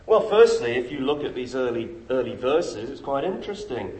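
Middle-aged male preacher, mid-pitched, emphatic rhetorical delivery, echoey room. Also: normal speed. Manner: emphatic, rhetorical questions, lively pitch swings. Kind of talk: sermon. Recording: echoey room with faint noise.

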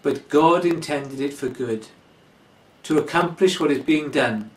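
A man preaching a sermon in a slow, deliberate expository manner. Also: fairly high pitch. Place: church. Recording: echoey church from far off.

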